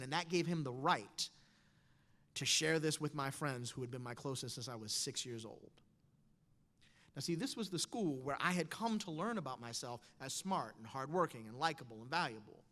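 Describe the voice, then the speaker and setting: Animated man telling a story in a hall. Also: on the high side. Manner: wry, animated storytelling with quoted voices. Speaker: speaker. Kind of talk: storytelling talk on stage. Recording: long hall reverb.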